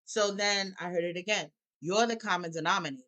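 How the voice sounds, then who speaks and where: A woman's voice: fairly low pitch, brisk, sharp tone. A woman, a musician and life coach, speaking candidly as a guest and at times tearful as she tells of hard years. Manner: emotional, laughs through tears, acts out her own thoughts. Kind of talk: candid personal conversation.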